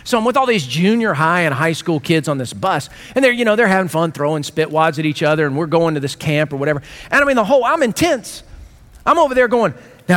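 Preaching a sermon, a middle-aged male pastor uses a high, bright-edged voice that swoops up and down as he tells stories about himself. His lively, self-mocking delivery rolls between playful asides and earnest points. Faint audience laughter can be heard in the distance.

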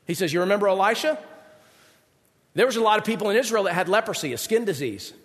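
A man delivers a sermon in a large hall that rings with long reverb. His voice sits high for a man, and he acts out the people in the story with sudden swings in pitch and loudness. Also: lively intonation, fast talker. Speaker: pastor.

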